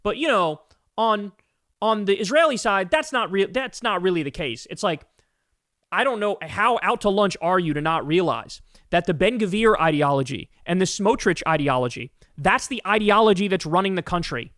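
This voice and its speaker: A man's voice: high-pitched, lively intonation, normal speed, a bit bright, no room sound, studio quality. A man hosting a political commentary show, ranting angrily and emphatically with lots of profanity.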